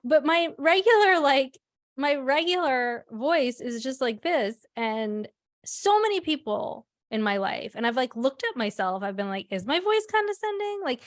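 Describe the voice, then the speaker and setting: A woman co-hosting a casual podcast with a somewhat high voice. She talks in a chatty, self-deprecating way and laughs easily. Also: expressive, unhurried. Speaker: podcast co-host. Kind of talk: casual chat.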